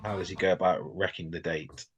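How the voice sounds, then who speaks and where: A man's voice: sits low, fairly even intonation, fairly quick, faint music behind. A man co-hosting a podcast, casually running a quiz for his friend and calling him mate. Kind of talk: casual chat.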